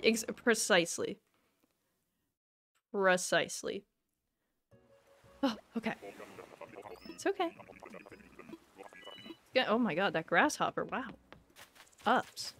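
A woman streamer chatting excitedly with her viewers during a live game stream, laughing often. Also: medium pitch, takes it slowly, long pauses, faint music behind.

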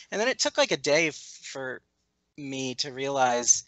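Gravelly bright-voiced man, halting interview talk. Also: mid-range voice, rough recording. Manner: thoughtful, halting, many restarts and fillers. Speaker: animated series co-creator, interview guest. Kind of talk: conversational interview.

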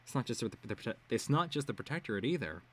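A man's voice: mid-range voice, very animated, fast, slightly rough. A man voicing a blunt, hot-tempered teenage superheroine in a read-aloud web serial. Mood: threatening. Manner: blunt, threatening.

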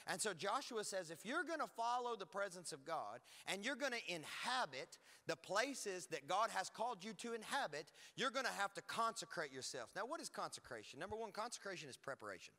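A man preaching a lively sermon as pastor, emphatic and energetic with frequent asides. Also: high-pitched, long reverb tail. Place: church hall.

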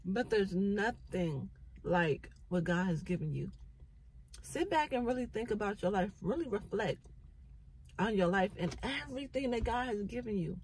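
A woman's voice: mid-range voice, animated, moderate pace, darkish tone, slight background noise, rough recording. A middle-aged woman, a mother, sharing an earnest faith-based reflection, repeating phrases for emphasis and holding back tears. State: near tears. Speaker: vlogger.

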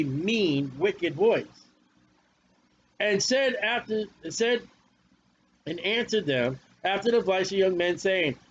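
A man's voice: high-pitched, lo-fi sound, slight background noise. A man preaching a fiery, confrontational sermon with a lot of repetition.

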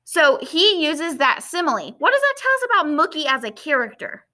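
A woman's voice: high voice, big pitch swings, moderate pace, pushed and bright. A woman teacher with a Southern accent reading a novel aloud to her class, stopping to explain and asking the students questions in a patient way.

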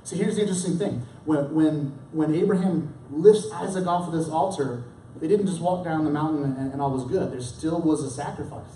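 A man's voice: fairly high pitch, moderate pace, warm tone, a little hiss or hum. Guy preaching in a church, chatty and stop-start, echoey and a bit far off. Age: young adult or middle-aged. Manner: conversational, with many restarts and dramatic acted quotes. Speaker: pastor. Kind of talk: sermon. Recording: roomy church hall, mic at a distance.

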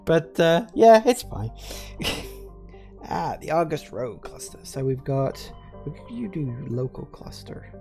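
A man's voice: fairly high pitch, huge pitch swings, takes it slowly, pauses often, faint music behind. A man with an English Midlands accent giving chatty, joking live commentary while streaming a game and answering his chat. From England.

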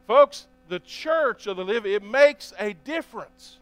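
A man's voice: high voice, lively intonation, measured pace, clean tone, no room sound. A man preaching a sermon as pastor, reading scripture aloud and often asking the congregation for an amen. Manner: reads scripture aloud between remarks.

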